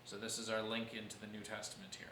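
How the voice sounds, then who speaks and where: A man's voice: fairly low pitch, monotone, quick pace, roomy sound, very noisy. A man teaching a church history class, explaining events patiently and answering questions from his students.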